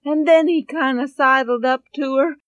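A woman telling a Bible story in an expressive way, swinging between loud and hushed. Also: high-pitched, normal speed, dry recording.

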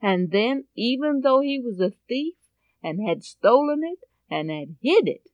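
A woman telling a Bible story in an expressive way, swinging between loud and hushed. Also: fairly high pitch, a little slow, no room sound, dull audio.

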